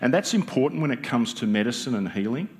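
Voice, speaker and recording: A man's voice: mid-range voice, sing-song, fast, darkish tone. An Australian man preaching a sermon as pastor, conversational and joking with the congregation, often asking them rhetorical questions. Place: church.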